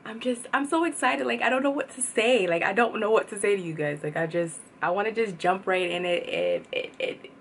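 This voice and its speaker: A woman's voice: mid-range voice, brisk, hardly any pauses, a little hiss or hum. Gushing, swearing woman vlogger. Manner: gushing, repetitive and profane. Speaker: reaction channel host. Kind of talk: excited casual vlog talk.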